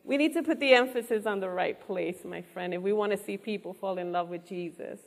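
A woman's voice: medium pitch, a little fast, big-room sound. A woman preaching a sermon with earnest conviction, often putting questions to her listeners. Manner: earnest, asks the audience questions.

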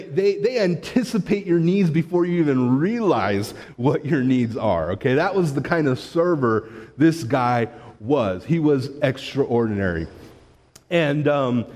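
A man's voice: medium pitch, a little mellow. A man who grew up in Massachusetts, a pastor preaching a sermon in a conversational storytelling manner. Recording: long hall reverb.

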